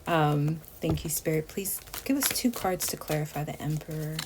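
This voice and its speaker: A woman with a low-pitched voice talks her viewers through a tarot reading. She is chatty and emotive, and often drops to a near whisper. A steady background noise sits under the recording. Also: moderate pace. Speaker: tarot reader. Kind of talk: casual tarot reading to camera.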